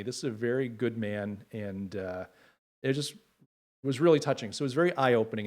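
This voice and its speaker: Heartfelt man hosting a livestream. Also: fairly low pitch. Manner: heartfelt, emotional, halting with fillers. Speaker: livestream host. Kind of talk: casual livestream chat.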